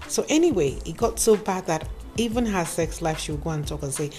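A woman's voice: on the low side, brisk, soft background music. Lecturing woman telling a cautionary tale. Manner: lively, lecturing, addresses listeners directly. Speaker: advice speaker. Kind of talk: moralizing storytelling monologue.

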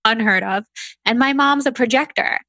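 A woman hosting a podcast in casual interview chat, effusive and quick to gush praise. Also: fairly high pitch, sharp tone, no room sound. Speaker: podcast host.

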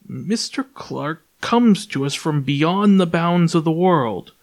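A man voicing a cautious middle-aged priest who speaks slowly and carefully. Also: on the high side, animated.

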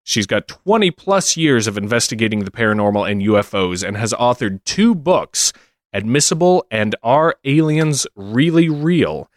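A man's voice: mid-range voice, sing-song, no room sound, studio quality. A man co-hosting a podcast in casual chat, who also reads out a guest introduction. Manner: easygoing, halting restarts, then smooth reading. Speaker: podcast co-host.

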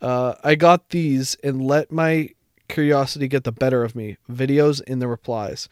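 A man's voice: mid-range voice, fairly even intonation, normal speed, smooth, no echo, clean studio sound. A man co-hosting a casual podcast, reading dating-app messages aloud with amused commentary. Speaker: podcast co-host.

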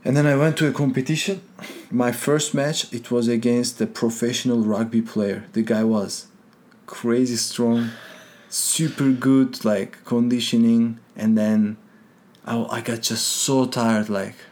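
Animated man telling a fight story. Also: mid-range voice, a little slow. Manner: animated, acts out quotes, non-native grammar. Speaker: guest, jiu-jitsu competitor. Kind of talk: casual storytelling interview.

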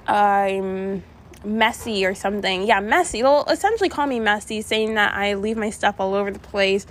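A young woman vlogger telling a rambling storytime to her viewers, with many asides and restarts. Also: a little high. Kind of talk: casual storytime chat.

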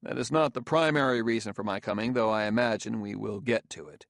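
A man doing a wary male detective, low and gravelly, measured and guarded in every word. It sounds like a dry, close storybook reading. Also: fairly bright tone, no room sound. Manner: controlled, guarded and stiff.

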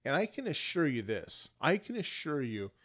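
A man delivering an indignant political rant, swinging between raised outbursts and low muttering asides. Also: very animated, normal speed, a bit bright, breathy edge. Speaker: political commentator. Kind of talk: ranting monologue.

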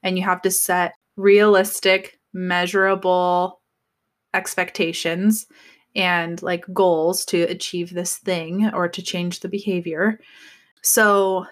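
A young woman with a fairly low voice speaks slowly in casual chat, telling a story as an animated storyteller who acts out lots of quotes.

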